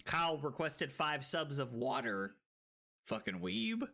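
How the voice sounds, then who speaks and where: Brief: young female stream host, card game commentary, animated and loud, vivid pitch swings. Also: gravelly, noisy background. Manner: animated, excitable, quick to laugh and shout.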